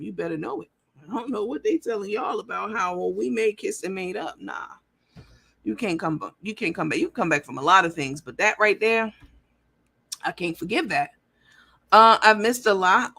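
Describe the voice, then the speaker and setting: A woman hosting a casual livestream who reads viewer comments aloud and talks in a blunt, profane, rambling way. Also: mid-range voice. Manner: animated and lively. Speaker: livestream show host.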